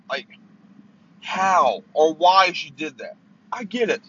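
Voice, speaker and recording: A man hosting his own podcast from a parked car rants angrily about sports, swearing heavily and stammering in a profane, heated way. His husky voice is a little high and sing-song, slow and sharp, and the recording is muffled.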